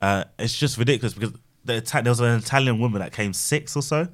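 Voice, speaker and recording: A man chatting casually among friends on a podcast, animated and opinionated. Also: mid-range voice, quick pace. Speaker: podcast co-host. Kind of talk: casual chat.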